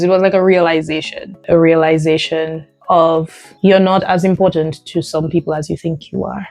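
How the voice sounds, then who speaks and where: A woman hosting her own podcast, telling a personal story in an animated, emphatic way, often breaking into laughter. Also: fairly low pitch, no room sound. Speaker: podcast host.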